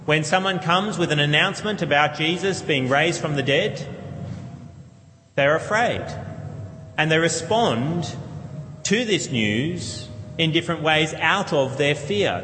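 A young man preaching a sermon, earnest and steady, asking rhetorical questions and repeating key phrases for emphasis. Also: medium pitch. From Australia. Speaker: pastor. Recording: long church reverb.

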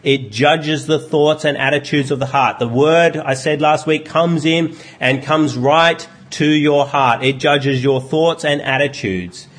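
A man's voice: on the high side, steady tone, measured pace, hardly any pauses. A man preaching a sermon in a conversational way, asking his listeners rhetorical questions. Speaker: pastor.

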